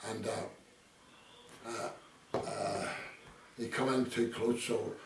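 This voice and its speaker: A man's voice: on the low side, fairly even intonation, extremely slow, gravelly, a little hiss or hum. An older Irish man being interviewed, telling rambling stories full of quoted dialogue. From Ireland. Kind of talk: casual storytelling. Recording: echoey room, distant mic, faint ambience.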